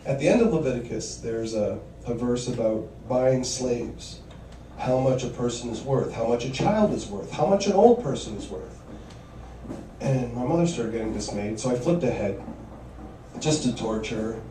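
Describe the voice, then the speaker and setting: A man's voice: mid-range voice, expressive, normal speed, dark tone, roomy sound, distant mic, slight background noise, low-quality recording. A man performing a stand-up comedy set, telling wry stories and acting out quoted voices.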